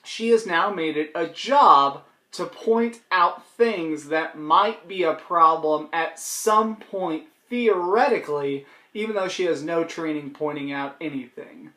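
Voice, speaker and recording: A man's voice: on the high side, a little slow, hardly any pauses, pushed and bright, reverberant. A man vlogger giving casual, sarcastic commentary and swearing casually.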